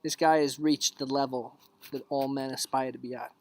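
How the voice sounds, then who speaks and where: A man's voice: mid-range voice, level tone, moderate pace, a little mellow, dry recording. A man in his thirties hosting a casual live stream, joking his way through memes outdoors and dropping into whispers for asides.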